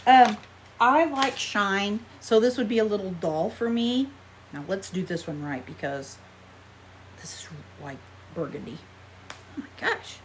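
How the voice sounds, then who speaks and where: Rambling American woman vlogger, lively pitch. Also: measured pace, slight background noise. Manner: chatty, rambling, self-deprecating. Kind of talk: casual haul chat.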